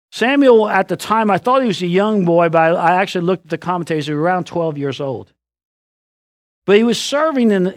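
A male preacher delivers a sermon in a lively, swooping voice, breaking into joking stories and loud outbursts. The sound is dry and close, with almost no room echo. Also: high-pitched.

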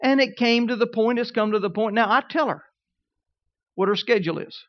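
A middle-aged man preaching a sermon, telling humorous stories with lively rising emphasis. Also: extremely high pitch, fairly quick, dry recording, dull audio.

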